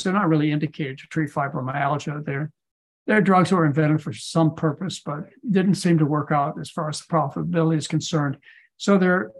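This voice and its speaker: A man who is a physician, giving lecture-style answers in a podcast Q&A and pressing his points with insistent rhetorical questions. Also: on the high side. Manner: emphatic, hammering rhetorical questions.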